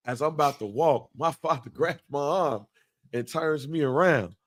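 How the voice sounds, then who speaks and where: A man's voice: medium pitch, fairly bright tone, no echo, clean studio sound. A man, telling a profane, laughing story as a talk-show co-host.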